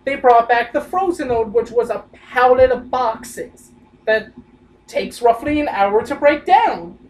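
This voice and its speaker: A young woman tells a work story in a loose, rambling chat, wandering off into side remarks. Her voice sits a little high. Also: animated, unhurried, a little mellow, rough recording. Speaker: podcast co-host.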